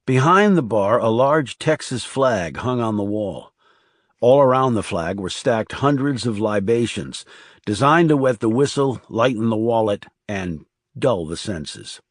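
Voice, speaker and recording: With a lowish voice, a man narrates a crime thriller audiobook from a script, measured and even throughout. The clean studio recording has no room sound.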